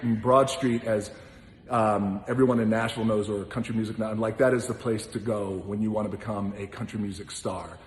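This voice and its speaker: A man's voice: on the low side, fairly even intonation, fairly quick. A man casually telling an anecdote as a guest, acting out other people's lines and swearing freely. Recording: roomy hall with long reverb.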